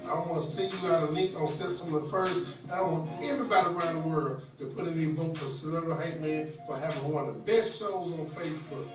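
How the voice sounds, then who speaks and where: A man's voice: on the high side, quick pace, hardly any pauses. A man recording an upbeat promotional message that closes with blessings for his listeners. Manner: upbeat, blessing-filled sign-off. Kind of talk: promotional announcement. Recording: roomy playback from a distance with music.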